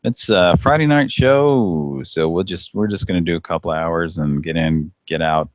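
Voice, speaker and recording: A man's voice: low voice, moderate pace, no room sound. A man hosting a casual call-in chat show, rambling, correcting himself and swearing. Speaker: host. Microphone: internet call.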